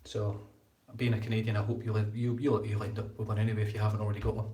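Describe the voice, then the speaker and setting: A man's voice: lowish voice, level tone, fast talker, dark tone, distant mic, a little hiss or hum. A man hosting a casual live-stream shaving chat, rambling and repeating his words as he talks. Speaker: shaving channel host. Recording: echoey room.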